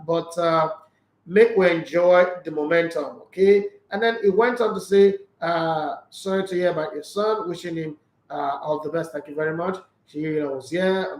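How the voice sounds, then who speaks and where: A man with a Nigerian English accent hosting a sports show, reading viewer comments aloud and answering them in a husky, tired voice. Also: on the high side, echoey room, poor audio. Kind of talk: casual sports chat.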